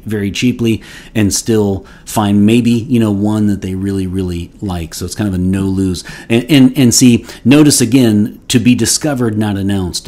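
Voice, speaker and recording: Man, fairly low voice, casual fragrance review, rambling, joking mock outrage. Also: mellow. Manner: rambling, playful mock outrage, many restarts. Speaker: fragrance reviewer, channel host. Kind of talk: casual solo product review.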